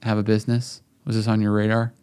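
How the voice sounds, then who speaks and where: A man's voice: lowish voice, monotone, quick pace, darkish tone, clean tone. A man co-hosting a casual podcast, trading jokes and teasing banter with his co-host. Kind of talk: casual chat.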